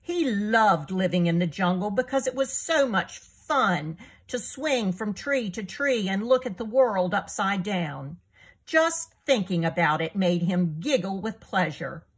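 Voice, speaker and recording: A woman author reading her children's picture book aloud in an expressive storytelling manner. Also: medium pitch, measured pace, husky.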